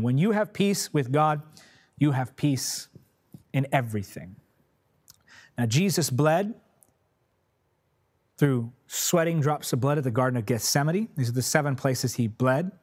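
A man's voice: mid-range voice, animated, measured pace, husky. A man preaching a sermon in a repetitive, declarative cadence, then praying fervently for listeners. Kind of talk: sermon with closing prayer.

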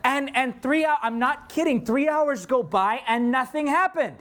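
Animated preacher telling a story. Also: male voice, extremely high pitch, normal speed. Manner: animated storytelling, acts out his own prayers. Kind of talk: sermon.

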